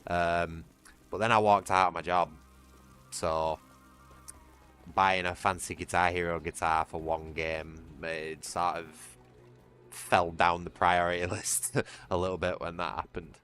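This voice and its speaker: British guy rambling on his game stream, really low voice, faint music behind. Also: level tone, measured pace, fairly bright tone, clear, resonant tone. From Britain. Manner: rambling, with restarts and chuckles. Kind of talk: casual gaming livestream chat.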